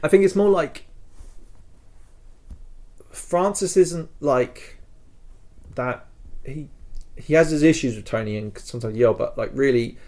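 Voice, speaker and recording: A man's voice: mid-range voice, measured pace, pauses often, darkish tone. A man co-hosting a podcast, telling a story in a rambling, emotional way with many fillers. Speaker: podcast co-host.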